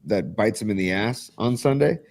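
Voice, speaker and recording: Opinionated low-voiced male sports host. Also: normal speed. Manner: excitable, opinionated, with many fillers and restarts. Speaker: podcast host. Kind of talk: casual sports chat on a live stream.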